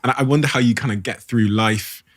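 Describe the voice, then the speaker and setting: A man's voice: mid-range voice, fairly quick, no room sound, studio quality. A man hosting a podcast, asking curious questions and agreeing readily. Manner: curious, agreeable, frequent "yeah". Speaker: podcast host. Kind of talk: casual interview.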